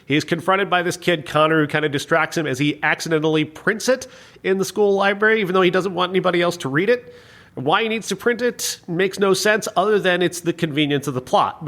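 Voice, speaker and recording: A man with a high, very lively voice hosts a casual movie review chat. He recaps plots with sarcastic asides and keeps breaking into laughter. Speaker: podcast host.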